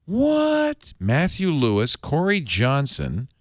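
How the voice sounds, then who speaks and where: Low-voiced guy doing a rambly excited ad read, swoops up and down a lot, dry studio sound. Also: fairly quick, no echo. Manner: enthusiastic, chatty, rambling. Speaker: podcast host. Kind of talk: live ad read on a tech talk show.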